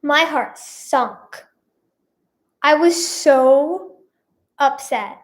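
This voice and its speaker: A woman's voice: sits high, extremely slow. A teenage girl chatting casually to her viewers, rambling and full of "like" and "yeah" fillers. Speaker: vlogger and singer. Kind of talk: casual storytime chat to camera.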